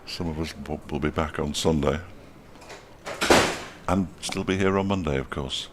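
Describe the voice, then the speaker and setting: A man's voice: a bass voice, normal speed, heavy background noise. A middle-aged man giving ball-by-ball cricket commentary, with dry, wry asides between deliveries.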